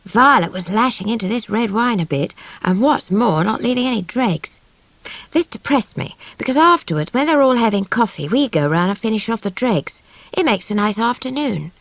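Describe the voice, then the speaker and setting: A woman's voice: fairly high pitch, animated, normal speed, dry recording. A woman narrating an audiobook in the first person, with a wry, slangy, offhand way of telling the story.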